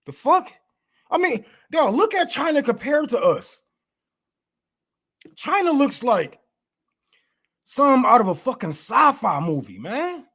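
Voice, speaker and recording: A man's voice: extremely high pitch, sing-song, slow pace, long pauses, pushed and bright. A man giving a casual political rant, profane and heated, laughing often as he talks. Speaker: political commentator.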